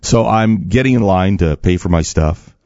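A man's voice: sits low, normal speed, no echo, dull audio. A man hosting a morning radio show, telling a story in casual chat. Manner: storytelling, animated, laughs easily. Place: radio studio. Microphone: studio microphone.

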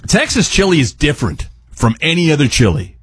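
A man's voice: on the high side, huge pitch swings, brisk, husky, no echo. A man appearing as a guest chef on a radio show, talking through a recipe in a rambling, jokey, chatty way. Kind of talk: casual cooking chat on radio.

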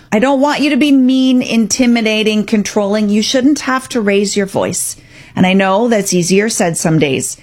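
A middle-aged woman, a parenting coach, giving earnest, reassuring advice straight to the listener and acting out what parents and kids say. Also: medium pitch.

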